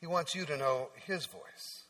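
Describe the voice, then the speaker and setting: A man with a fairly high voice delivers a sermon from the pulpit. He preaches in a chatty, storytelling way and often drops into soft, hushed tones. His voice rings out with the long reverb of a large church hall. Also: a little slow. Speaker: pastor. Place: church sanctuary.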